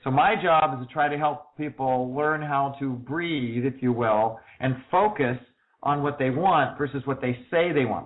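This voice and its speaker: A man answers interview questions in a brisk, storytelling way. He slips into the voices of the people he quotes. The sound is thin and tinny, like a phone line. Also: mid-range voice. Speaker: interview guest.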